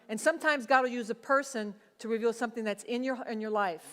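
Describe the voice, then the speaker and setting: A woman's voice: fairly high pitch, fast talker, few pauses, fairly bright tone, long reverb tail. A woman pastor preaching a sermon in a conversational way, slipping into quoted voices.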